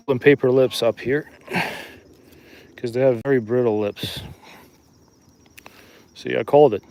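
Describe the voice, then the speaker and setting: A man's voice: medium pitch, normal speed, pauses often. Brief: easygoing guy streaming from a riverbank, chatty, talks straight to viewers. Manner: relaxed, chatty, talks to viewers while fishing. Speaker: fishing streamer. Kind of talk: casual live-stream commentary. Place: outdoors at a riverbank.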